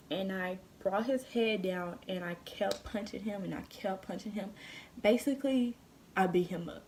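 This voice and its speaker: Brief: woman vlogger, dark gravelly voice, blunt storytime delivery with cursing. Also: medium pitch, slight background noise. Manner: blunt, heated storytelling with profanity; addresses viewers directly. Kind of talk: casual storytime vlog.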